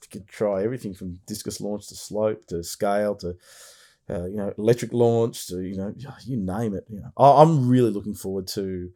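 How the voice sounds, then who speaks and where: A man hosts a casual podcast chat in a fairly low, mellow voice. He talks with eager enthusiasm, rambling and restarting his sentences as he goes. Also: normal speed. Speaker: podcast host.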